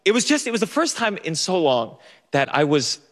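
His voice is high-pitched and a bit bright, with big pitch swings and a moderate pace, as this young man tells a personal story on stage. He's nervous, teases himself, restarts repeatedly and laughs, all under a long stage reverb.

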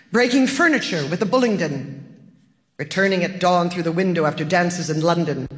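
Narrator, mid pitch, measured wry delivery, long reverb tail. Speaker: audiobook narrator. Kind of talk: literary audiobook narration.

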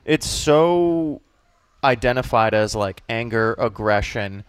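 A man from Boston, a comedian guest in a casual radio interview, telling animated stories and acting out quick voices. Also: medium pitch, a little hiss or hum.

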